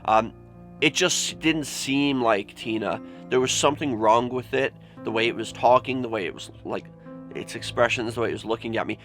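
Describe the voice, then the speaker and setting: A man's voice: mid-range voice, normal speed, a bit bright, faint music behind. A young man vlogging, telling a personal story candidly and emotionally, swearing often and saying "like" a lot. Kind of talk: confessional vlog storytelling.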